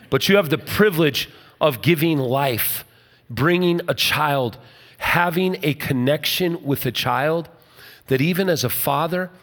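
Older guy preaching hard, cracks jokes, kinda high voice, big reverby hall. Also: a bit bright. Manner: emphatic preaching with asides and humor. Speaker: pastor. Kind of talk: sermon.

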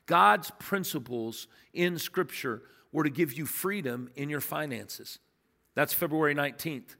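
Guy preaching, emphatic and chatty, bright forceful voice, big echoey church. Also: on the high side, unhurried, gravelly. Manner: animated, emphatic, conversational preaching with storytelling. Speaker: pastor. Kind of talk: sermon. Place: church sanctuary.

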